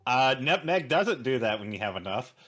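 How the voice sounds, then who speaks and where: Deadpan male player, dry casual delivery. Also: mid-range voice, moderate pace. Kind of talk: casual tabletop play.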